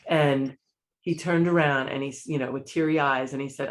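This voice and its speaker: A woman's voice: a bass voice, brisk. A woman recounts a personal story as a podcast guest, earnest and visibly moved. She brings the dialogue to life as she tells it. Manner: earnest, emotional, lively retelling with quoted dialogue.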